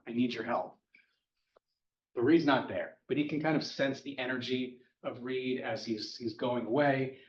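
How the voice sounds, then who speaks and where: A man's voice: mid-range voice, a little hiss or hum. Wry man recapping a comic, roomy. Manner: chatty, wry, speeding through plot points. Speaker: podcast host recapping a comic. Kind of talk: casual comic-book recap. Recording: roomy, distant, dull-sounding mic.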